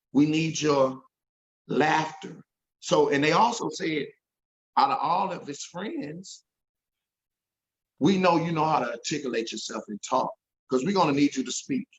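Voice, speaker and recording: A man's voice: fairly high pitch, muffled recording. A man telling an emotional story as an interview guest, earnest and repeating himself when moved.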